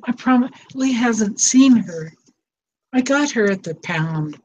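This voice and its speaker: Slow and expressive, her slightly high, mellow voice carries a tender, emotional, rambling conversation. She is an older psychotherapist hosting a show, recorded with dull lo-fi sound and faint noise.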